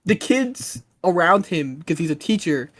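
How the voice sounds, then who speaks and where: A man's voice: high-pitched, expressive, unhurried, a bit bright. Rambling man, lots of "like". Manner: rambling, full of "like" and restarts, profane. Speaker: podcast co-host. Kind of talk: casual chat.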